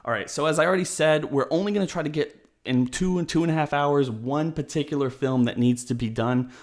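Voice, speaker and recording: A man hosting a casual online chat, energetic and rambling, laughing easily. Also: fairly high pitch, a little fast. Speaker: host. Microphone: video call.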